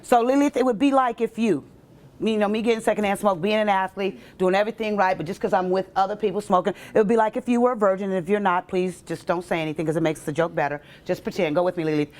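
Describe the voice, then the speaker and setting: A woman comedian performing a stand-up set at a college event, talking straight to the crowd and switching into quoted voices. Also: quick pace. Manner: animated, jumps into quoted voices with sharp pitch leaps; banters directly with audience members. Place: college event stage before a live audience.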